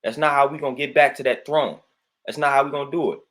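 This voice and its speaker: A man's voice: mid-range voice, steady tone, quick pace, a bit bright. A man hosting his own livestream, ranting emphatically and repetitively, saying "man" constantly and greeting viewers between points. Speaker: livestream host. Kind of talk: livestream rant.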